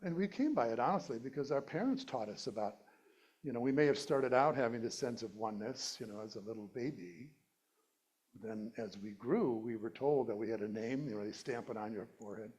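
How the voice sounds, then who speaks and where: A man's voice: mid-range voice, fairly quick, darkish tone. A middle-aged male minister giving a conversational, playful sermon and laughing at his own jokes. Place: church sanctuary.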